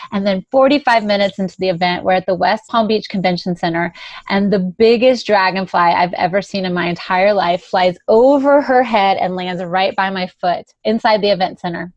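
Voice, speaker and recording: A woman's voice: medium pitch, dry recording, muffled recording. A woman guest telling a personal story in a casual, chatty way, often acting out what people said. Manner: chatty anecdotal narration, acting out quoted dialogue. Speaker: podcast guest.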